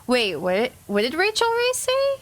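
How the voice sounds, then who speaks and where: A woman's voice: high-pitched, huge pitch swings, measured pace. An American woman chatting casually and giggling while streaming a game, with lots of "like" fillers. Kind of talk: casual live-stream chat.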